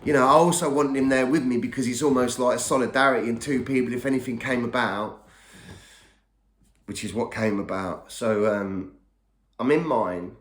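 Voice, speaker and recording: A man's voice: mid-range voice, moderate pace. A middle-aged man telling his own story in a casual, rambling way, often repeating and restarting words. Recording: echoey room.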